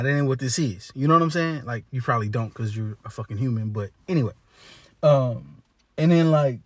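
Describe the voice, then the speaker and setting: Man, mid-pitched, profane casual rant, slangy and blunt, dry close sound. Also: dry recording. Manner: blunt, heavy cursing, slangy, many restarts. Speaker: monologue speaker.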